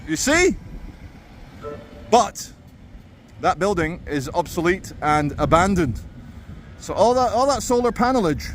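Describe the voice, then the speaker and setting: Man, sardonic walking vlog, slightly high voice, outdoors in a city, faint street noise behind. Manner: sardonic ranting. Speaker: vlogger.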